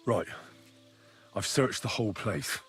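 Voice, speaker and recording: A man's voice: lowish voice, unhurried, fairly bright tone, faint music behind. An actor playing a young man, the protagonist, who sounds wry and observant. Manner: wry, dry, thoughtful. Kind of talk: video game dialogue.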